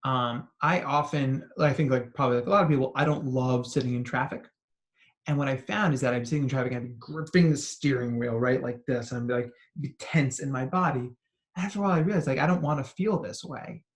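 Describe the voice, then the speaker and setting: A man, a psychologist, giving an animated talk to parents and educators, telling stories and asking questions. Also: mid-range voice, brisk. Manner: animated storytelling with acted quotes and asides. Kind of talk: expressive talk to an audience.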